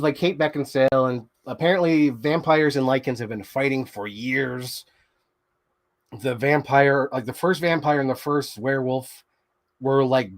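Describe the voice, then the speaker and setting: A man hosting a show, excitedly rambling through a movie recap in casual chat, swearing freely. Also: mid-range voice. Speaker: show host.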